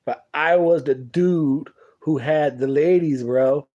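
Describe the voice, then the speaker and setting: A man's voice: fairly high pitch, slow pace, warm tone, lo-fi sound. A young man telling a long, profane, rambling story in casual talk to camera on a boxing talk show.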